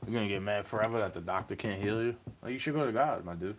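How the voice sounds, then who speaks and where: A young man rambles through an agitated, profane rant aimed at his stream's chat. His voice sits on the low side, and a faint noise hangs behind the recording. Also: fast talker. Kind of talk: ranting monologue to a livestream chat.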